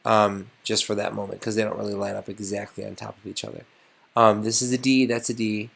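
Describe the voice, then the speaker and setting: Low gravelly male music teacher. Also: flat delivery, fairly quick, a bit bright. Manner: enthusiastic, thinking aloud while composing. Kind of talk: casual music lesson.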